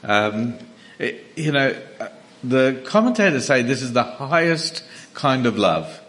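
A man preaches in an easygoing, conversational sermon. His voice sits at an ordinary middle pitch, and he often trips into small restarts and fillers as he works through his point. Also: big pitch swings, fairly bright tone. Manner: conversational, many restarts and fillers, slows down to read scripture.

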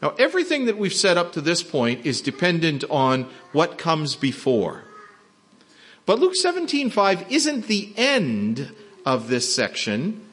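Husky-voiced male preacher, animated delivery. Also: fairly high pitch, measured pace. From not from Texas. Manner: emphatic, rising sharply on rhetorical questions. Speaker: pastor. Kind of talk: sermon.

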